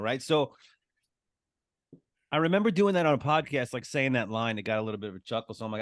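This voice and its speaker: A man talking through comedy bits in a relaxed chat, mid-pitched and easygoing. He tells his ideas as stories and drops into quick voices. The recording is close and dry, with no room sound. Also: dry recording. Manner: storytelling, acts out voices for jokes. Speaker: guest comedian. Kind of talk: casual comedy workshop chat.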